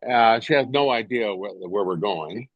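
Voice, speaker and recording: An older man from England, an actor guest on an interview show, telling a story in a lively, animated way. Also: normal speed, no echo, lo-fi sound. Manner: animated storyteller, jumps to high voices when quoting others. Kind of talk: casual anecdote telling.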